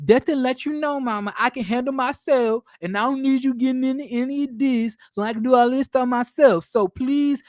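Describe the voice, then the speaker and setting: A woman's voice: high voice, fairly quick, few pauses, darkish tone, dry recording, studio quality, pitched above the performer's own voice, lightly acted. A man voicing a grown daughter who speaks curtly and dismissively to her mother.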